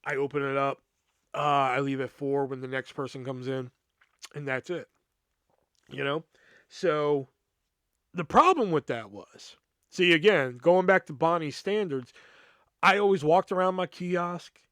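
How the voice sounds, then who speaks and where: A man with a fairly high, smooth and clear voice tells a rambling story on his podcast, swearing freely and trailing off with filler words. The sound is dry and close to the mic. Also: measured pace, long pauses, a bit bright, dry recording. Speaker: podcast host. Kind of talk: casual storytelling monologue.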